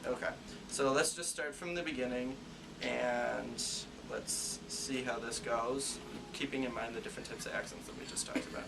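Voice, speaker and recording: Young man, music teacher, gravelly edge, recorded from across the room, noisy band room. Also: medium pitch, fairly even intonation, moderate pace. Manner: encouraging, explains step by step. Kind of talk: classroom instruction. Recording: distant mic with room noise.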